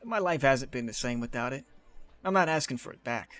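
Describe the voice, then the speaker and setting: A man's voice: mid-range voice, expressive, a little fast, a bit bright, faint music behind. A man playing a nervous one-eyed character with a cane in a tabletop game, stammering and pleading. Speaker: player.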